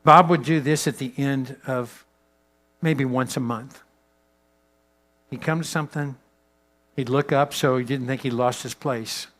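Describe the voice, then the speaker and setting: Man, guest speaker, leadership talk to pastors, mid-pitched voice, animated storytelling, wide swings in pitch and volume, soft slow emphasis.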